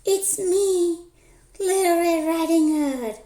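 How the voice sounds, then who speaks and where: Lady putting on a squeaky little girl, timid and polite, storybook kid in an echoey room. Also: slow pace, dark tone. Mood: wide-eyed. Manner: high, wide-eyed and apologetic.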